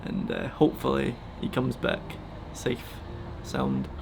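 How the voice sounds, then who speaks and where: A man talking casually and emotionally in a vlog, soft and halting, close to tears. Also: medium pitch, huge pitch swings, creaky, music in the background. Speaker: vlogger feeding a wild bird. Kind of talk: casual heartfelt vlog talk.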